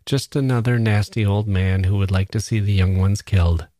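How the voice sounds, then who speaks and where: A man's voice: fairly low pitch, fairly even intonation, moderate pace, warm tone, lightly acted. A man reading the part of a sardonic, ill young woman reporter, muttering her thoughts aloud. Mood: bitter.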